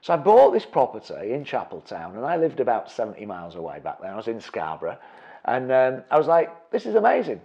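A man's voice: mid-range voice, very animated, a little fast, warm tone, husky, muffled recording. A middle-aged man teaching property investing through a personal story, acting out his own reactions with big jumps in voice. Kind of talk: storytelling presentation.

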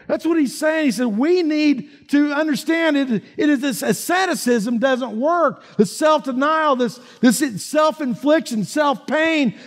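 A male pastor preaching a sermon in a folksy, emphatic way, often dropping in asides like "man" and "right?". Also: very high voice. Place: church sanctuary. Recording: church hall reverb.

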